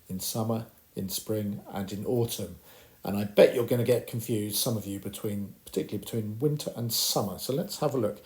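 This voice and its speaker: A man teaching a primary school Spanish lesson, encouraging the children and slowly modelling phrases for them to repeat. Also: medium pitch, a little mellow. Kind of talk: recorded classroom lesson.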